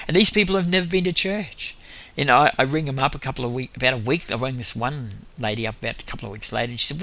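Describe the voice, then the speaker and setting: A man's voice: mid-range voice, fairly quick, gravelly, sharp tone. A man with an Australian accent tells faith stories in a rambling way, chuckling between them and correcting himself as he goes. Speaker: lay minister. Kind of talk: storytelling testimony.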